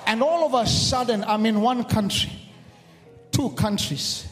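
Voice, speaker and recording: A man preaching a sermon, shifting from quiet storytelling to shouted, repeated declarations with call-and-response. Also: very high-pitched, a little slow. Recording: reverberant hall with music behind.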